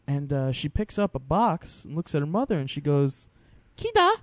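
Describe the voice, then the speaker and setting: A man's voice: fairly high pitch, lively intonation, normal speed, a little mellow, no echo. A man co-hosting a casual podcast chat, cutting in with dry wisecracks. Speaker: podcast co-host.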